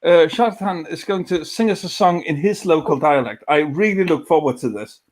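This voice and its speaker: A male host with a fairly high voice, keeping a casual chat going. He stammers and repeats words, often starting a sentence again. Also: moderate pace.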